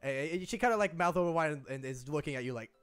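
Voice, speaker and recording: A man's voice: fairly high pitch, expressive, fast, fairly bright tone, clear, resonant tone, no room sound, faint music behind. A young man narrating as game master, often stammering and restarting his sentences.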